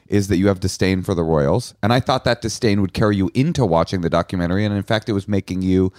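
Man, low voice, podcast co-host, jokey, playful, bone-dry close mic. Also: fast talker, no echo. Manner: animated, jokey, mock voices. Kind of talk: casual comedic chat.

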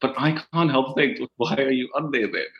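A man's voice: mid-range voice, animated, normal speed, dull audio. A man from South Africa calling an advice podcast, speaking hesitantly and searching for words. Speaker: caller. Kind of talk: casual conversation.

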